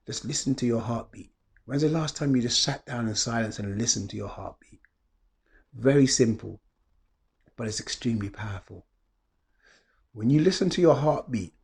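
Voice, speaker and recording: A man's voice: mid-range voice, a little mellow. A middle-aged man, a wellness coach, giving an earnest reflective motivational talk full of repeated rhetorical questions.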